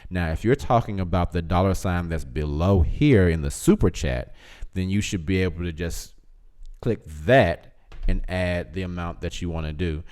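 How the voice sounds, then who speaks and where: A man's voice: low voice, moderate pace, darkish tone. A man hosting a casual livestream, reading chat comments aloud, teasing viewers and laughing often.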